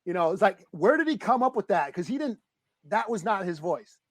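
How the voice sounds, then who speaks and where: A man co-hosting a podcast, chatting casually about a movie, rambling, excitable and swearing freely. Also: sits high, a little fast, no room sound, clean studio sound. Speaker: podcast co-host. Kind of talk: casual movie review chat.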